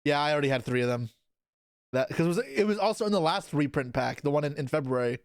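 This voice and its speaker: A man's voice: on the high side, expressive, fast, dry recording. Chatty man streaming, dry sound. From Canada. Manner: chatty, reads and answers chat aloud, casual swearing. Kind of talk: casual live-stream chat while opening card packs.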